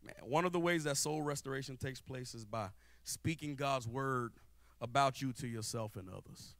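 A young man preaching a lively sermon in church. He jokes and calls out to the congregation in a casual, playful way. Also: medium pitch, normal speed, no echo. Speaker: guest preacher. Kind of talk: lively church sermon with spoken-word rap. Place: church sanctuary before a live congregation.

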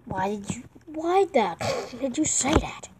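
A woman giving excitable let's-play commentary while gaming online with friends, yelping, pleading with the game and repeating herself. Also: high voice, measured pace, slight background noise. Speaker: gamer playing online with friends.

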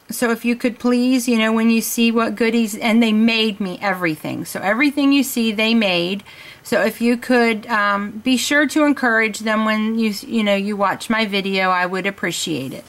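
A woman's voice: medium pitch, pushed and bright. An older woman from her home, gushing over handmade craft gifts in a casual show-and-tell vlog, often searching for words. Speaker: crafting vlogger. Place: home in Florida.

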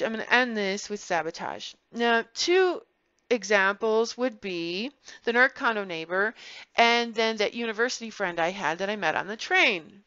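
A woman vlogger talking to camera, explaining and telling stories in an earnest, animated way. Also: mid-range voice, clean tone, no room sound, muffled recording. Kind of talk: personal vlog commentary.

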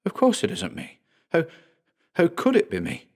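A large, frightened man stammers out his words in a faltering voice, as a male narrator plays him. His pitch jumps high with panic. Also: wildly swooping pitch, normal speed. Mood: panicked.

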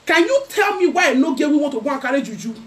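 A woman's voice: high-pitched, big pitch swings, quick pace. A young Nigerian woman vlogger giving a mocking gossip commentary rant in a taunting, sing-song way.

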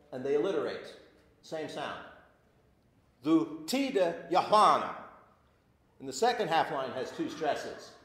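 A man teaching an adult class, his voice sitting a little high and swinging widely as he explains. He talks in an informal lecture style, often breaking off and restarting. The sound carries the echo of a church classroom. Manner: animated, stops and restarts often. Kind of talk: informal lecture with reading aloud. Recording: echoey room.

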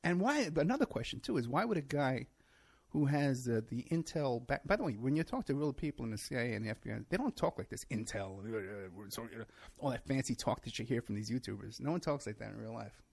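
A man's voice: medium pitch, lively intonation, fast, creaky, husky. A middle-aged man hosting his own show, delivering a rambling, sarcastic solo monologue and laughing at his own points. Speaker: show host.

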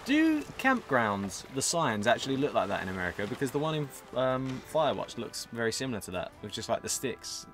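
An excitable young man narrates his gameplay in a loose, chatty way, his voice leaping up and down as he reacts. He swears freely and laughs a lot. Faint game music plays behind him. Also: mid-range voice, fast talker, hardly any pauses. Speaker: let's play player. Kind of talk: casual gameplay commentary.

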